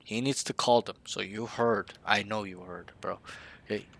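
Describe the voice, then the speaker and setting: A man's voice: fairly low pitch, steady tone, normal speed, gravelly, a bit bright, no echo. A man coaching a player in a casual game review, blunt and slangy, often swearing.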